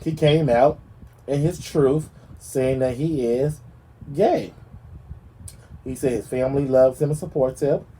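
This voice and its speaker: A man hosting a gossip show, talking in a sassy, animated way and speaking straight to the celebrities he discusses. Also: medium pitch, measured pace, pauses often, slight background noise, poor audio. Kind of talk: casual celebrity gossip commentary.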